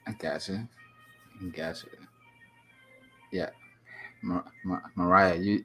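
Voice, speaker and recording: A man's voice: low-pitched, unhurried, long pauses, pushed and bright, slightly rough, soft background music. A man hosting a livestream talk show, chatting casually and joking in a playful, mock-dramatic way. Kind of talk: casual chat.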